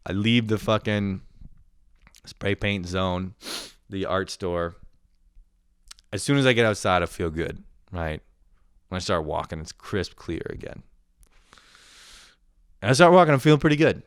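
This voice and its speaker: Young guy, low smooth voice, profane rambling storyteller, close dry mic. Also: measured pace, long pauses, dry recording. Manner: profane, rambling, animated retelling. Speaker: vlogger. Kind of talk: casual storytelling monologue.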